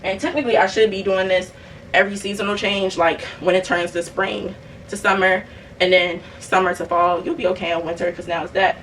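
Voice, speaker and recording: A woman's voice: medium pitch, fairly quick, far from the mic, noisy background. Chatty young woman telling a storytime. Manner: animated, chatty, addresses viewers as y'all. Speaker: vlogger. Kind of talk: casual storytime while cleaning. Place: bedroom at home.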